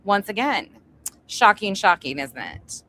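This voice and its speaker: Very animated yet unhurried, this livestream host has a medium-pitched voice that sounds pushed and bright. Indoors at home, she chats casually, greets viewers one by one, and swears freely, while construction noise sounds upstairs and the audio is poor.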